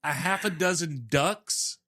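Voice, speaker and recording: A man's voice: on the high side, slow pace, sharp tone, no echo, clean studio sound. A man with an Oklahoman accent co-hosting a podcast, telling laid-back stories in casual banter. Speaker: co-host.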